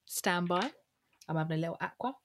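A woman hosting a podcast over a video call, her voice fairly low but animated in its rise and fall. She chats easily, agreeing and finishing her guest's sentences. A faint background noise sits under the call. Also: brisk. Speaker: podcast host. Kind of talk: casual conversational interview.

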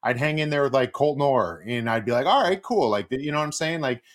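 A middle-aged man, a former hockey player and guest, telling stories in casual chat and acting out quotes with big jumps in pitch. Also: quick pace.

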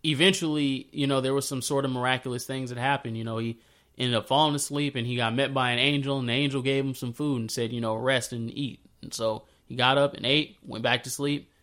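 A man telling a Bible story in a casual, slangy way, breaking into animated retellings of the scenes. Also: medium pitch, quick pace. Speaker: speaker sharing a faith story. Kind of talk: casual spoken reflection.

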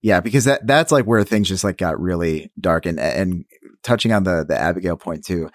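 A man's voice: sits low, expressive, moderate pace, no room sound, studio quality. A man co-hosting a podcast in casual recap chat, hesitant, with many restarts and fillers. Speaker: podcast co-host.

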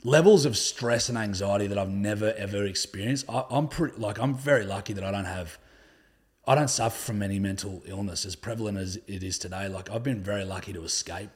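A relaxed young Australian man speaks in a low, slightly husky voice. He tells loose, rambling stories, peppered with "like" and casual swearing. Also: fairly quick. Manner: laid-back, swears often, says "like" a lot. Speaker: podcast guest. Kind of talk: casual conversational storytelling.

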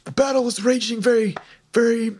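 Male game master, high, husky voice, playful teasing narrator. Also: steady tone, fairly quick, a little mellow.

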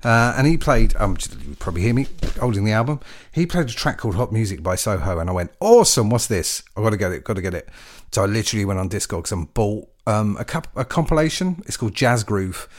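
Guy dj-ing a radio show, casual and chatty, voice swoops all over. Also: on the low side. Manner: rambling, chatty, chuckling asides. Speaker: radio DJ host. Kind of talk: casual radio chat between tracks.

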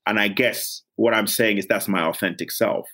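Low-voiced man from Gambia, blunt and earnest. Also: fairly even intonation, moderate pace, pushed and bright. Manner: blunt, earnest, self-reflective. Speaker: actor, interview guest. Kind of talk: candid reflective interview talk.

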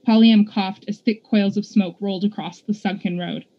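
A woman podcast host reading a storybook aloud with steady, measured narration. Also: mid-range voice, lo-fi sound.

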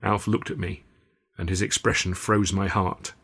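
Husky man narrating a novel. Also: sits low, flat delivery, moderate pace, fairly bright tone. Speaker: author and narrator. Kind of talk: first-person audiobook narration.

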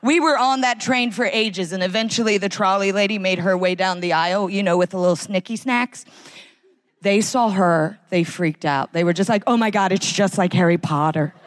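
A woman's voice: medium pitch, moderate pace. A woman doing sardonic live stand-up comedy on a concert hall stage, mimicking voices. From United States.

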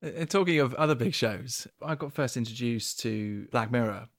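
A podcast host with a medium-pitched voice and moderate pace asks questions in an enthusiastic, chatty way during a casual interview.

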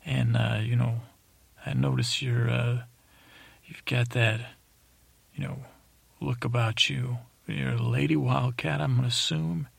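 A man voicing a rambling, flirtatious male cat knight in a meandering bedtime story for a sleep podcast, halting with many fillers. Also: mid-range voice, fairly even intonation, gravelly, husky, no echo, exaggerated voice.

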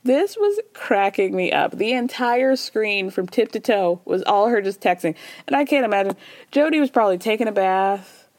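Female podcast host, casual sarcastic recapper, mid-pitched voice, dead dry studio sound. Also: sing-song, moderate pace, a little mellow, no echo. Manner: chatty, sarcastic, acts out quotes in playful voices.

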